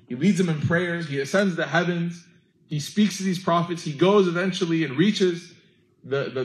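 A man giving a sermon, telling a story with animated, acted-out quotes. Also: a little high, reverberant, rough recording. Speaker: preacher.

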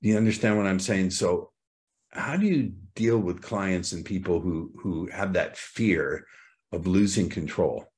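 A man's voice: sits low, unhurried, a little mellow. A man hosting an interview, asking long questions with enthusiasm. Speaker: host.

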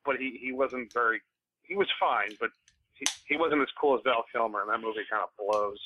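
A man's voice: mid-range voice, noisy background. Man over a tinny phone-like line. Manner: easygoing, chatty, quick to laugh along. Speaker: podcast guest. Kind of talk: casual chat.

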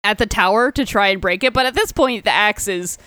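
A woman's voice: mid-range voice, brisk, pushed and bright, clear, resonant tone, no room sound. A woman co-hosting a podcast, retelling a comic in casual chat, giggling and swearing as she rambles. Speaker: podcast co-host.

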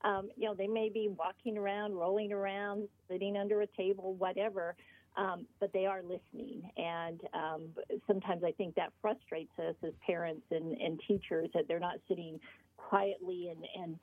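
A woman author being interviewed, explaining earnestly in short halting phrases over the phone. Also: on the low side, flat delivery, dry recording. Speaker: author guest. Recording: tinny phone line.

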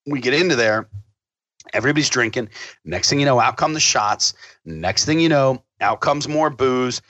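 Man, casual storyteller, swears freely and acts out quotes, bright forceful voice, dry sound. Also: mid-range voice, normal speed, dry recording. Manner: profane, animated storyteller acting out quotes.

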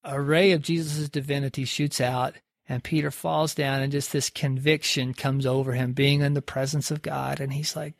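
Chatty preacher retelling a story. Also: male voice, mid-range voice, level tone, normal speed, creaky, hardly any pauses, dry recording, studio quality. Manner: conversational, lots of "like" and restarts. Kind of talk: sermon storytelling.

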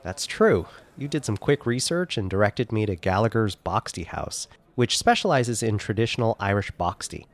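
A man's voice: fairly low pitch, lively intonation, moderate pace, few pauses. A man with a stuffed-up nose from a cold, telling travel and food stories in a casual chat with his co-host. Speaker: podcast co-host.

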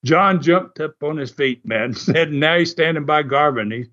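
A man with a somewhat high voice tells stories in a loose, animated way, chuckling often as he goes. The audio is muffled and lo-fi. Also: normal speed. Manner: animated, laughs often, acts out quoted voices. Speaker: guest recounting wrestling TV history. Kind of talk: casual storytelling.

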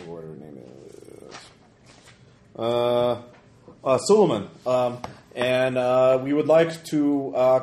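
A man voicing a male bodyguard who speaks halting, formal English with an Arabic accent, recorded with a roomy echo. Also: mid-range voice, slight background noise, close to an everyday voice. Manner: hesitant, stiff and formal.

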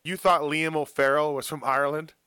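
Bright-voiced man hosting a casual chat. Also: on the high side, brisk, clear, resonant tone, no echo. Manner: animated storyteller who teases his co-hosts. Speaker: podcast host.

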